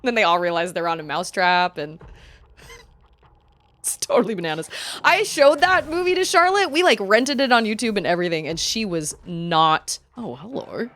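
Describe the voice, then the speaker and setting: A woman's voice: mid-range voice, expressive, normal speed, fairly bright tone. A woman streaming a game, chatting casually and animatedly, laughing often and gasping at surprises. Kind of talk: casual gameplay chat.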